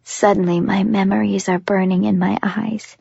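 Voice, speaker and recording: A woman's voice: mid-range voice, little pitch movement, normal speed, creaky, warm tone, breathy edge, dry recording, dull audio. A woman giving an intense, dramatic first-person audiobook narration.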